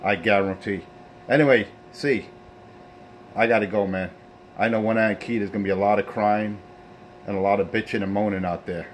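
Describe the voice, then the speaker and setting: A man's voice: on the low side, fairly even intonation, moderate pace, long pauses, a little hiss or hum. A man hosting his own CB radio show, taunting rivals and preaching in a boastful way. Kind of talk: trash-talking radio sign-off.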